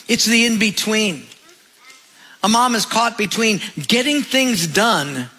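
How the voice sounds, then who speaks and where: Bright-voiced male pastor preaching. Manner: storytelling, drops low and soft at phrase ends. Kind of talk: sermon.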